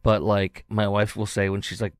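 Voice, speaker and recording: A middle-aged man hosting his own podcast, telling a story in a rambling way with many restarts, and at times going soft and emotional. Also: on the low side, level tone, normal speed, clean tone, dry recording, clean studio sound. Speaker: podcast host. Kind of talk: casual solo podcast monologue.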